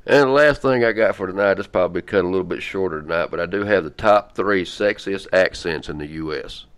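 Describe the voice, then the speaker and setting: A man hosting a podcast, chatting casually in a rambling, halting way with lots of fillers. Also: deep voice, clean tone. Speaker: podcast host. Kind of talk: casual chat.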